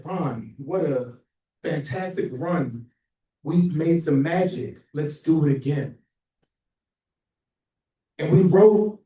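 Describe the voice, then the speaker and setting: A man giving a memorial tribute for a friend, telling lively stories and acting out their phone calls with laughter. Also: on the high side, far from the mic. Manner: animated, acts out phone calls, laughs often. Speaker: memorial speaker, friend and co-author. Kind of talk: storytelling tribute speech. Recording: echoey hall heard from afar.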